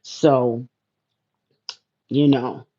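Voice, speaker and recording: A woman's voice: rumbling low, fairly even intonation, very slow, dark tone, muffled recording. A woman hosting a casual spiritual livestream, laid-back and playful, talking straight to viewers in her chat. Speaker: livestream host.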